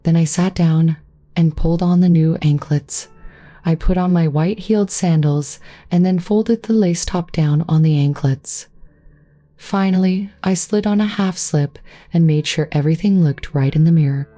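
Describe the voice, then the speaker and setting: A woman narrating a first-person story in a steady, even reading voice. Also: fairly low pitch, normal speed, no room sound.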